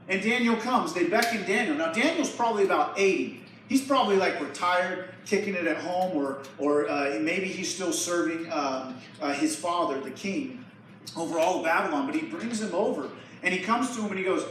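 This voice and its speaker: A young man giving a sermon as a youth pastor. He retells a Bible story in a casual, lively way. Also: high-pitched, normal speed, slight background noise. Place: church hall. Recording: echoey hall from far off.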